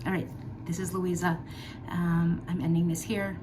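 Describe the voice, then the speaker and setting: A woman's voice: on the low side, level tone, normal speed, background noise. Earnest heartfelt woman vlogger. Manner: earnest, heartfelt, emphatic, with fillers. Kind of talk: personal talk to camera.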